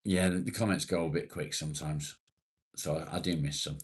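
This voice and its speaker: A man's voice: extremely low pitch, steady tone, brisk, slightly rough. A man from England hosting a casual livestream, reading and answering chat comments bluntly and swearing freely. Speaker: livestream host.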